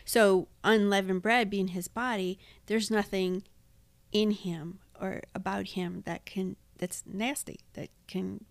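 A woman's voice: medium pitch, fairly even intonation, takes it slowly, vocal fry, no room sound. A woman co-hosting a Bible study podcast, explaining the symbols plainly in homely words. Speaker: podcast co-host. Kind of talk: casual Bible study chat.

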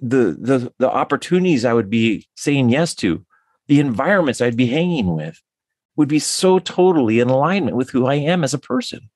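A man's voice: mid-range voice, animated, moderate pace, a little mellow, dry recording, clean studio sound. A man, a tantric counselor, talks enthusiastically as a podcast guest, often restarting his sentences. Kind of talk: podcast interview.

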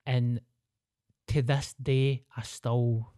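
A man's voice: mid-range voice, little pitch movement, drawn-out words, dark tone, no echo, clean studio sound. A man with a Glaswegian accent, a stand-up comedian telling a story in casual podcast chat, rambling, slangy and sweary. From Glasgow, Scotland.

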